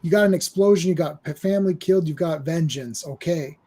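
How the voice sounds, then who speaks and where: Male podcast co-host, high and mellow voice, animated talker who acts out scenes for comic effect. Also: a little fast, slightly rough. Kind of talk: casual movie discussion.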